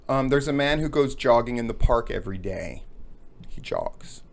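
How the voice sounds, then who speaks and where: A man hosting a talk, telling a long joke as an animated storyteller who acts out the characters. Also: mid-range voice, a little fast. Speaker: podcast host.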